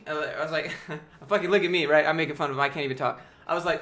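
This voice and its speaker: A man's voice: a little high, very fast, hardly any pauses, fairly bright tone. A young man chatting casually on a live stream, answering chat with rambling, jokey, profane talk.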